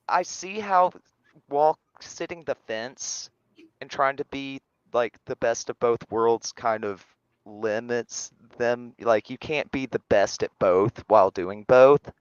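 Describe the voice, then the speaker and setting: A man co-hosting a casual show review, speaking in a measured, analytical way with frequent restarts. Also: medium pitch, smooth, dry recording, muffled recording. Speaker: podcast co-host.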